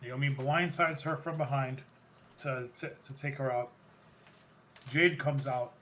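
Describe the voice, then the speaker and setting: A man with a mid-range voice hosts a podcast, rambling at a measured pace through a casual wrestling recap, excitedly recounting events and often correcting himself mid-sentence. There's slight background noise.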